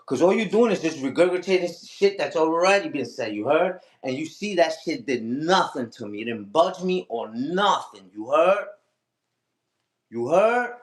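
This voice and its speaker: A man's voice: on the high side, reverberant. A man hosting a casual livestream, talking back to his critics and repeating his own catchphrases. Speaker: livestream host.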